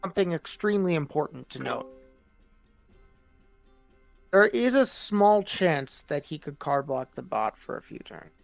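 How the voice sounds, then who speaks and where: A man's voice: on the high side, big pitch swings, measured pace, gravelly, pauses often, no room sound, soft background music. A man co-commentating an online strategy game in casual chat, breaking down strategy. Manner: analytical, gives strategic advice.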